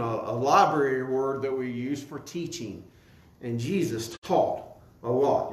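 A man preaching a sermon as pastor. He speaks with animation, repeats words as he builds each point and asks the congregation to answer him. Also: mid-range voice. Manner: animated preaching with call-and-response questions to the congregation. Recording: echoey room.

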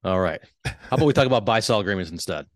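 A man who works as a wealth advisor, explaining business topics on a podcast in a measured, earnest way. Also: fairly low pitch, animated, dry recording, studio quality. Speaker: wealth advisor, show host.

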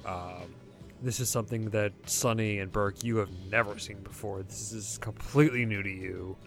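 A man narrating as game master of a tabletop game, relaxed and halting with frequent fillers. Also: fairly low pitch, faint music behind.

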